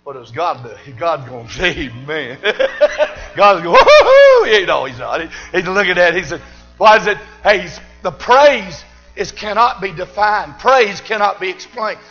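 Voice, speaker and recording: An older man, preaching a fiery sermon in a church and shouting and whooping with exuberance. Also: high-pitched, expressive, measured pace, muffled recording, soft background music. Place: church service.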